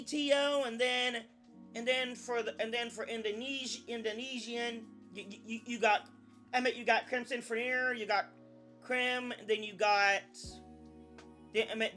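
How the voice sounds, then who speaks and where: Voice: mid-range voice, fairly even intonation, measured pace, pushed and bright, soft background music. A young adult VTuber chatting casually on a live stream, rambling, often restarting sentences and swearing now and then.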